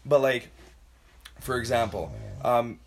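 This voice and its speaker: A man co-hosting a casual podcast chat, talking loosely with plenty of swearing and asides that trail off quietly. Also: medium pitch, takes it slowly, a little hiss or hum. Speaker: podcast co-host.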